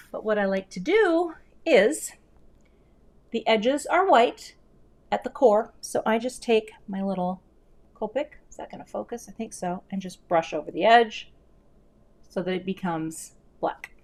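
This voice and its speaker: Middle-aged woman, casual live craft stream, talks while working, self-deprecating, average pitch. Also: lively intonation, unhurried, a little mellow. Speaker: card-making host. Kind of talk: live crafting demo chat.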